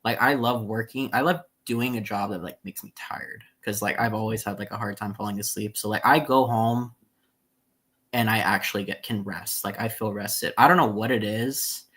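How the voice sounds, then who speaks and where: Male podcast guest, scare actor, low bright tone, loose rambling delivery. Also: moderate pace, slightly rough. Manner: rambling, heavy use of "like". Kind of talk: casual podcast chat.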